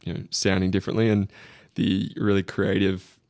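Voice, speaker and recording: Australian man, twenties, podcast guest, mumbly, gravelly, dry sound. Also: deep voice, normal speed, no room sound. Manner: relaxed, mumbly, trailing off with many fillers. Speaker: guest, college football punter. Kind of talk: casual interview chat.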